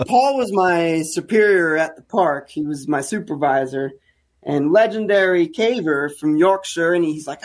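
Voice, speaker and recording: Podcast guest: American man, casual, lively storyteller, a touch higher pitched. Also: measured pace. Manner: animated, acts out quoted dialogue. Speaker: guest, caver.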